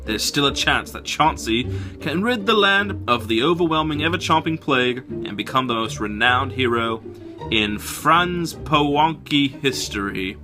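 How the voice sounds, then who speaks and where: A man's voice: mid-range voice, expressive, measured pace, over music, lightly acted. A man reading a game manual story aloud in a put-on British accent, with a theatrical, swooping storybook delivery. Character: male storybook narrator with mock British accent.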